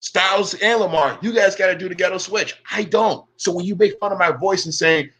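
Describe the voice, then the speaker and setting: A man's voice: sits high, a little fast, a bit bright, husky. A man ranting in casual talk, emphatic and repetitive, stumbling over his first words. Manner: emphatic, repeats himself, stammers at starts. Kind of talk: casual rant.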